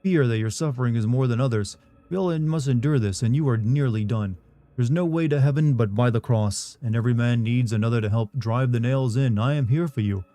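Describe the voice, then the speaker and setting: An actor playing a solemn male preacher in a horror game, speaking gravely of suffering and the cross. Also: medium pitch, fairly quick, dark tone, close to an everyday voice. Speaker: game character.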